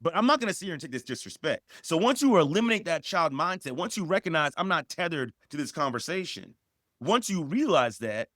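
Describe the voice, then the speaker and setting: Forceful man giving blunt advice. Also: a little high, big pitch swings, fairly quick, no echo, studio quality. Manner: forceful, repetitive, rises sharply for emphasis. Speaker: podcast co-host. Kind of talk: emphatic advice talk.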